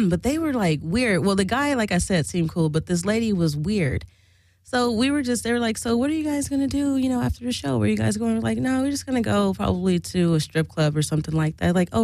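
Profane, animated woman telling a story. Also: lowish voice, no room sound, rough recording. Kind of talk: casual storytelling.

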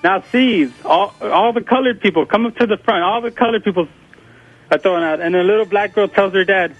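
A man calling in to a radio show and telling a joke haltingly, with fillers. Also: high-pitched. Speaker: caller. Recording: muffled phone line with faint music.

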